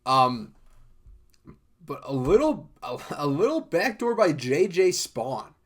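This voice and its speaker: A man with a slightly high voice and big pitch swings speaks slowly while hosting a golf podcast on his own. His casual solo chat is loose and rambling, full of fillers and restarts.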